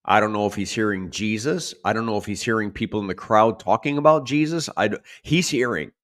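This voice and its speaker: A male pastor preaching a sermon in an animated way, acting out the shouted lines he quotes. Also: on the low side, brisk.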